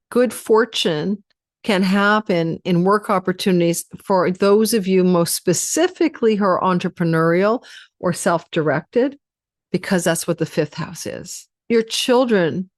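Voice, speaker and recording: A woman's voice: lowish voice, no room sound, studio quality. A tired woman astrologer giving a rambling, chatty forecast and running through lists of possibilities. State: tired, yawning.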